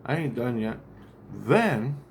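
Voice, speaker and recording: A man's voice: mid-range voice, very animated, slow, vocal fry, a little hiss or hum. A man telling a long account of a dream in a rambling, profane way, with many restarts and asides. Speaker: vlogger.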